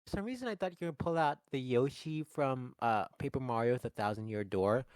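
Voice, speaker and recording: A man co-hosting a casual movie podcast, animated and jokey as he tells comic bits. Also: mid-range voice, brisk, no room sound. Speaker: podcast co-host. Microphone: lavalier microphone.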